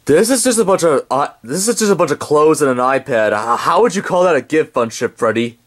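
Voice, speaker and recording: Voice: medium pitch, animated, a little fast, lightly acted. A performer voicing a cheerful, chatty male character in an amateur toy drama. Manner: upbeat, chatty. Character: cheerful friendly gift-giver, male.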